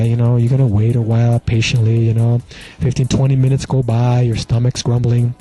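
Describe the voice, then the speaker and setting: A man's voice: mid-range voice, level tone, fairly quick, dark tone, faint music behind. A male comedian delivering a rambling comedy monologue, full of casual asides. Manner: rambling, many filler asides. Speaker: stand-up comedian.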